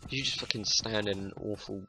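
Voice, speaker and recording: A man's voice: lowish voice, brisk, bright, forceful tone, a little hiss or hum. A young man giving casual, sweary gameplay commentary, joking and muttering to himself. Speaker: gaming YouTuber.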